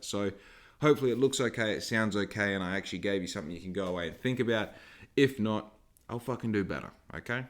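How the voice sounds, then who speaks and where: An Australian man hosting a solo podcast from home, rambling and emphatic with a lot of swearing. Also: fairly low pitch. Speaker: podcast host.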